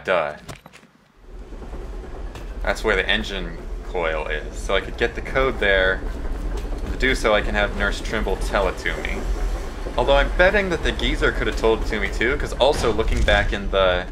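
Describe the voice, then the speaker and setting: A man's voice: fairly low pitch, lively intonation, normal speed, noisy background. A young man narrating his gameplay, joking and self-mocking with rambling asides. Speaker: let's play host. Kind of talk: gameplay commentary.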